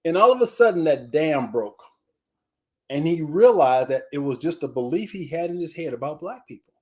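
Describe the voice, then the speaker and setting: A man's voice: on the high side, moderate pace. A man, addressed as coach, telling a story in a live group discussion. His voice rises and falls a great deal as he goes. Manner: animated storyteller, voice swings up and down.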